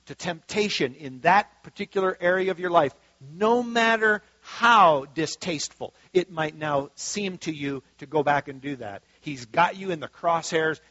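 A man's voice: on the high side, a bit bright, dry recording, highs cut off. A man preaching a sermon as pastor in a conversational way, with frequent asides and restarts.

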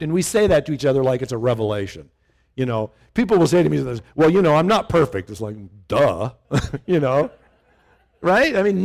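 A man's voice: on the high side, creaky. A middle-aged male pastor preaching a conversational sermon, often asking his listeners questions. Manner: animated, conversational, asks the congregation questions.

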